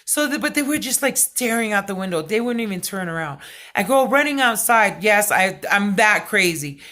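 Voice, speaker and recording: A middle-aged woman vlogging, telling a personal story in a loud, excitable way, full of fillers. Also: medium pitch, normal speed. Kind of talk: casual storytelling vlog.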